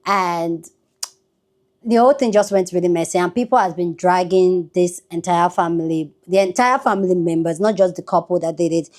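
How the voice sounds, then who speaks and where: A woman with a somewhat low voice talks loosely and chattily as the host of a reaction video. She runs her sentences together with easy fillers as she sets up the clips. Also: a little mellow. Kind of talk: casual commentary.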